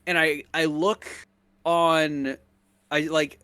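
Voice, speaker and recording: A man with a bright, forward voice, chatting casually on a live stream and swearing freely. His voice is recorded dry and close, with no room around it. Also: on the high side, flat delivery, slow, clear, resonant tone, no room sound. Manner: swears freely, laughs often. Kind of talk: casual chat.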